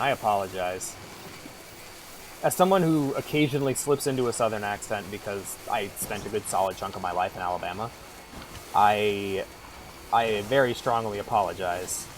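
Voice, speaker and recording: A man's voice: lowish voice, slight background noise. A man streaming a game, chatting casually in a rambling, irreverent way and swearing freely. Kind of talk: casual gameplay chat.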